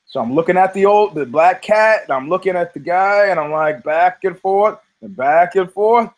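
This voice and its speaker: A man tells a story on his podcast in a loose, profane way. He acts out the people in it with lively voices. His voice sits a little higher than most men's. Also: moderate pace, low-quality recording. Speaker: podcast host. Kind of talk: casual storytelling.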